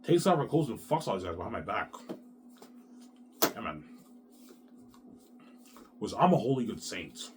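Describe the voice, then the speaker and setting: Man, 30s, vlogger. Agitated, repetitive, swears constantly, with pitch swinging wide between loud outbursts and low mutters. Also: big pitch swings, a little slow, long pauses, very noisy. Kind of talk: rambling monologue to camera.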